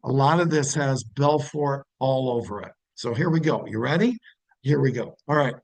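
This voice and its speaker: A man's voice: medium pitch, moderate pace, rough recording. A man teaching a sales lesson, emphatic and shifting his tone, often checking in with the listener. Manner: emphatic, varies tone, asks "make sense?". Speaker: sales trainer.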